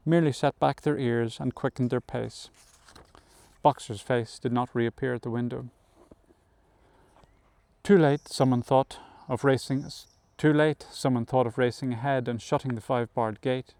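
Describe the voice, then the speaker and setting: Man reading a novel aloud, smooth voice. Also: mid-range voice, darkish tone, no room sound. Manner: measured storytelling with occasional self-corrections. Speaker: audiobook reader. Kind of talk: scripted narration of a novel.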